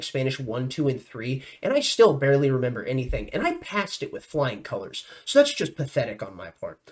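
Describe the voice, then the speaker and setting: A young man hosting his own vlog and commenting on the news in a loose, chatty way. He sounds excited and effusive, with an ordinary mid-range male voice. His tone stays warm toward the viewers he addresses directly. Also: medium pitch. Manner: enthusiastic, animated, effusive.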